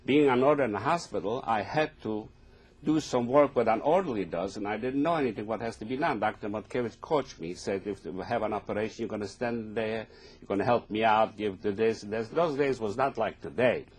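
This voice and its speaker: Husky-voiced elderly man. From Poland. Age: older, 80s. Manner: halting, plain non-native phrasing, deeply earnest. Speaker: Holocaust survivor giving testimony. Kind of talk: oral history testimony.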